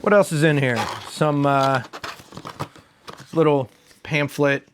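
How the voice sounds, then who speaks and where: A man's voice: fairly high pitch, steady tone, slow pace, a little hiss or hum. Stuffy-nosed man rambling through an unboxing. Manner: rambling, loose, with fillers and mild swearing. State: stuffed up from allergies. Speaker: vlogger reviewing a microphone. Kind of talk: casual unboxing talk. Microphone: lapel mic, then a desk condenser mic.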